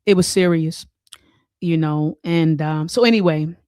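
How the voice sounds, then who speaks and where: A woman's voice: low-pitched, measured pace, darkish tone, clear, resonant tone, dry recording, clean studio sound. A woman hosting a talk show, reading a document aloud and stressing key words, with casual asides to her viewers.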